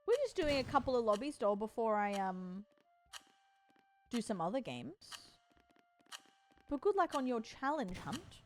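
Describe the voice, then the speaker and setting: A woman's voice: on the high side, sing-song, unhurried, long pauses, a little hiss or hum. A tired woman streamer chatting casually with her live chat and cooing to her cat between remarks.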